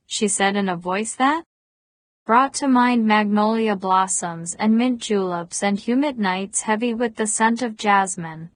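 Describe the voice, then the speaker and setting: A woman narrating a novel as an audiobook in a measured, even reading voice. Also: medium pitch, no echo. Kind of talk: scripted narration.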